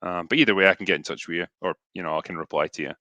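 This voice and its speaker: A man's voice: low-pitched, racing, pushed and bright, dry recording. A Scottish man in his thirties hosting a casual livestream, reading superchats into a headset with lots of fillers and dry, sarcastic humor. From Scotland.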